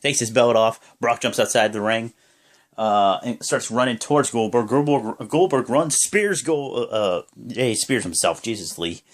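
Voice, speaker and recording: A young man casually recapping a wrestling show as a vlogger, in rambling play-by-play with lots of fillers and sudden bursts of excitement. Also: medium pitch, normal speed.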